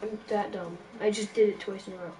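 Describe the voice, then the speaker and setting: A woman's voice: medium pitch, fairly even intonation, a little fast, far from the mic. A woman in casual gaming chat who complains in frustration while she plays. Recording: echoey room, off-mic, background noise.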